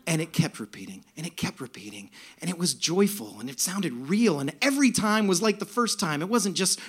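A man telling a comic story live on stage in an animated, profane way. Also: a little high, a little fast, slightly rough.

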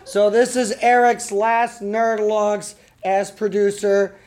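A man's voice: sits high, level tone, takes it slowly, darkish tone. An older man opening a comedy set on stage with dry, self-mocking humor. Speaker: storyteller. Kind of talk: live comic storytelling.

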